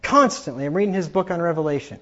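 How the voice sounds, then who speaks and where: A man with a high voice preaches a combative sermon and mocks his opponents with sarcasm. He builds to loud, emphatic points. The recording sounds slightly dull and lo-fi. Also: quick pace. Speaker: pastor.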